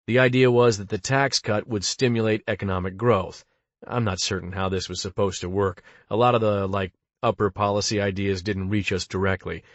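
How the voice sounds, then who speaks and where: Dry, low-voiced male audiobook narrator. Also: steady tone, moderate pace, no echo, lo-fi sound. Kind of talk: audiobook reading of interview monologues.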